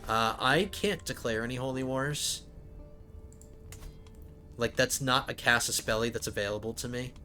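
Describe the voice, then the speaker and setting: A man's voice: medium pitch, moderate pace, long pauses, pushed and bright, soft background music. A man hosting a strategy game let's play, thinking aloud and often stumbling over his words. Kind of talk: casual gameplay commentary.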